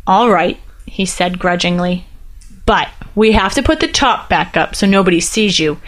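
A woman's voice: lively intonation, normal speed, a bit bright. Woman narrating a storybook tale. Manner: reads all characters lightly, with small pitch lifts for dialogue. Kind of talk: scripted narration.

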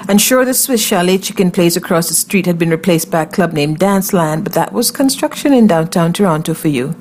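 Brief: woman narrator, lowish voice, wry conversational first-person reading, faint ambience. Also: animated, a little fast, a little mellow, a little hiss or hum. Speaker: story narrator.

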